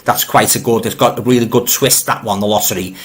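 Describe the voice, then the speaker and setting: A man's voice: lowish voice, fairly even intonation, quick pace, fairly bright tone. A middle-aged man with a Liverpool accent hosts a casual live stream. He reads out viewer comments, rambles, and often repeats words as he restarts. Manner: friendly, addresses viewers directly. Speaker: livestream host reading viewer comments.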